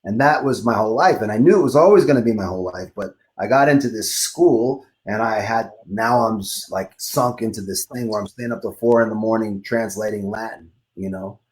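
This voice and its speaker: Speaking briskly with hardly any pauses, a middle-aged man from Queens talks in a somewhat low voice as a guest musician, casually spinning stories and laughing frequently. Traces of a New York accent remain in his speech.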